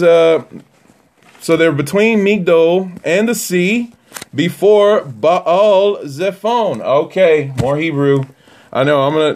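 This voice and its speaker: A man giving a casual, animated Torah teaching that swings from near-yelling to quiet asides. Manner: animated, rising to near-yelling then dropping low.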